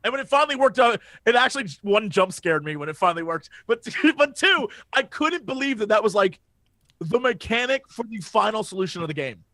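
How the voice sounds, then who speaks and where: A man co-hosting a podcast in casual chat, telling a story with excitable energy and plenty of swearing, speaking into a studio microphone. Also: high-pitched, brisk, no echo. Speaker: podcast co-host.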